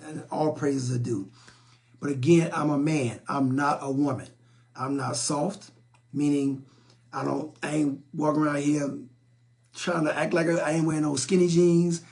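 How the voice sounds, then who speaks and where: Blunt, gravelly-voiced man on a live stream. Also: fairly high pitch, flat delivery, normal speed, darkish tone. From South Side of Chicago, USA. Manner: blunt, preachy, repeats himself and stumbles over words. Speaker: relationship talk show host. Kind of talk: live-stream talk, reading and answering viewer comments.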